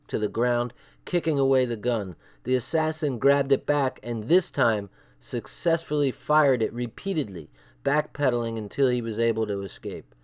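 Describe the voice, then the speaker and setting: Male streamer, mid-pitched, reads a crime book aloud in a casual way, with asides to his chat. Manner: reads with asides, swearing and chuckles; breaks off to check the chat. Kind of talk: casual livestream book reading.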